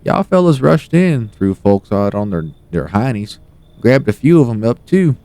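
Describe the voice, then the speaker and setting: A man's voice: mid-range voice, very animated, moderate pace, dark tone, no echo, voice pushed up. A man voicing an evicted, wary Southern woman with a folksy Southern US drawl who calls people darling.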